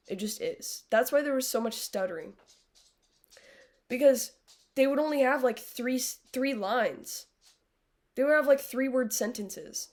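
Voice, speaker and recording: A woman's voice: on the high side, a little mellow. A young adult woman live-streaming, chatting casually with viewers in a blunt, sarcastic way, swearing freely. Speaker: livestreamer.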